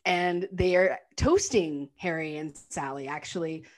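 A woman casually recapping a film's story, chatty and animated, sometimes slipping into the characters' voices. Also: sits low, measured pace. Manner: animated retelling, acts out quotes in character voices. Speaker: podcast co-host recapping a film. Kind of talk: casual chat.

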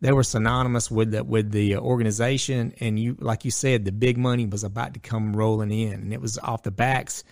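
A middle-aged man, co-hosting a casual sports chat and telling stories in a lively, slangy way. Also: fairly low pitch, a little fast, vocal fry, hardly any pauses, no echo, studio quality. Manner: animated storyteller, slangy, acts out voices. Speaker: podcast co-host.

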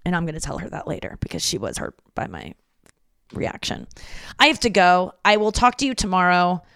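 A woman's voice: fairly low pitch, wildly swooping pitch, fairly quick, a bit bright, smooth, no room sound, studio quality. A woman hosting a comedy podcast alone, rambling casually from home with plenty of swearing and acted-out conversations. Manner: rambling and profane, acts out conversations. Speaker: podcast host. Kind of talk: casual solo comedy monologue.

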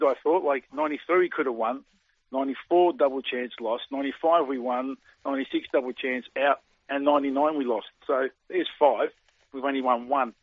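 A man's voice: medium pitch, no echo. An Australian man in his forties, a former footballer, chatting in an interview in a rambling way full of fillers and restarts. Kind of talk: casual interview. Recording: dry tinny phone line.

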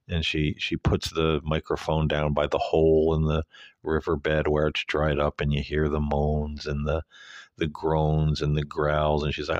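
A man's voice: very deep voice, monotone, measured pace, no echo. A man hosting an earnest, rambling monologue, talking casually with lots of fillers into a close mic. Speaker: host.

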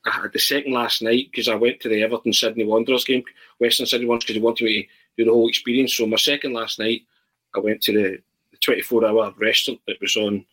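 A man, a podcast guest, telling a travel anecdote in a halting, animated way with many restarts. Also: mid-range voice, rough recording. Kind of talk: casual storytelling.

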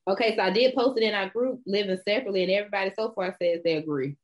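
A woman's voice: medium pitch, racing. A middle-aged woman co-hosting a casual chat, blunt, brash and profane. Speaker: podcast co-host. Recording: dull lo-fi sound.

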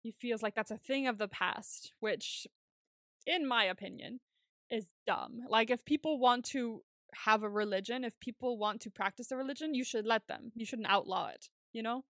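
A woman's voice: a little high, normal speed, fairly bright tone, no echo, clean studio sound. Chatty young woman laughing through a recap. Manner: chatty, laughs often, retells scenes. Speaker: podcast co-host. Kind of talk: casual recap chat.

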